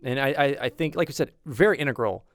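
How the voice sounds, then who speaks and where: A man's voice: medium pitch, fast, no room sound, studio quality. A man co-hosting a casual gaming podcast, chatty and enthusiastic, with many restarts. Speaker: podcast co-host.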